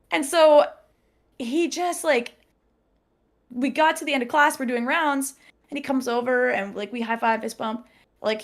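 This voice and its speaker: A woman telling a personal story in casual podcast chat, animated, laughing often and acting out what people said. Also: sits high.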